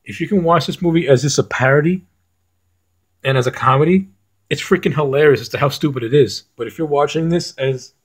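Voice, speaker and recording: A man's voice: a little high, brisk, husky. Blunt, swearing man ranting about films. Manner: blunt and profane, with restarts. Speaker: film reviewer. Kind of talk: casual film review rant.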